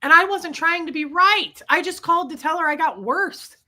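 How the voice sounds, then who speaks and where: A middle-aged woman telling a story to her viewers. She is sick with chest congestion and rants in animated bursts, stopping to greet viewers by name. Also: very high-pitched, normal speed. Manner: ranting, animated storytelling, reading out viewer names. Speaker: livestream host. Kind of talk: casual chat to viewers.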